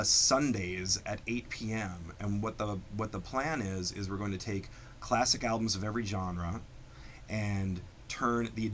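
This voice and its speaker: A man's voice: lowish voice, fairly bright tone, a little hiss or hum. A man who performs and produces drag shows, chatting enthusiastically in an interview. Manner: enthusiastic, campy. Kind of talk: casual interview chat.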